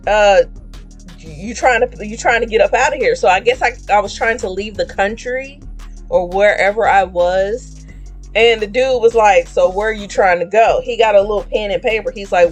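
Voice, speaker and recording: A woman streamer casually telling a dream story, animated and laughing as she acts out the people in it. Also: mid-range voice.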